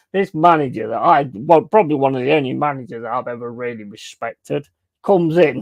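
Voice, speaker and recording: A man's voice: mid-range voice, vocal fry, darkish tone, no room sound. A man telling crude, blunt stories in a casual chat while streaming a game. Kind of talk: casual sweary storytelling while gaming.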